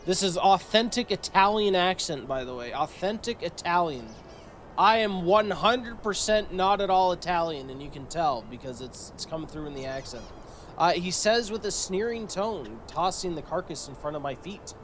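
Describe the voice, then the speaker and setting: Brief: higher-pitched male streamer, wry and sarcastic, reads game text with a faint hiss behind him. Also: lively intonation, normal speed, a bit bright, low-quality recording. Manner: joking, sarcastic. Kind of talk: casual game commentary, reading event text aloud.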